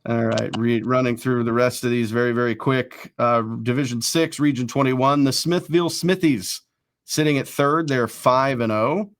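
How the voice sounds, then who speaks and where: A man hosting a casual sports talk show, rattling off rankings quickly with self-deprecating asides. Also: mid-range voice. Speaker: host.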